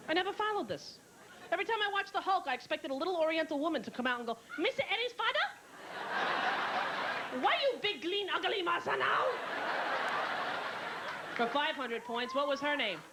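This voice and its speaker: A woman doing a stand-up comedy set, telling stories quickly and in an animated way, with squealed character voices. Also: sits high, over a noisy crowd. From New York. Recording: live show with noisy room ambience.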